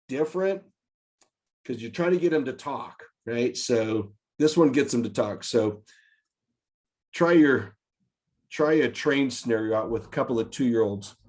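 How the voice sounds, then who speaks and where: A man leads a casual meeting of directors in a mid-pitched, everyday voice. He tells stories with energy and slips into the people in them as he goes. The talk sounds loose and friendly. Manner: lively storyteller, acts out scenarios. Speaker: meeting host, childcare director. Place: online meeting.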